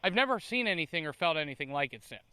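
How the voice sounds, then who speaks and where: Excitable man telling a wild story. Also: on the high side, fast, noisy background. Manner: animated, excitable, stumbles and repeats words. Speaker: podcast host. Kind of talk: casual storytelling chat.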